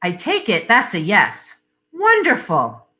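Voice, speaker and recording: A woman's voice: mid-range voice, wildly swooping pitch, takes it slowly, pushed and bright, heavily acted. A woman reading the part of an impulsive middle-aged husband who speaks in short, insistent phrases. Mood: cheerful.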